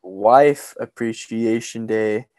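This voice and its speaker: A man co-hosting a casual podcast, joking around in a playful, animated way. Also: fairly low pitch, slow, a crowd in the background. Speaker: podcast co-host.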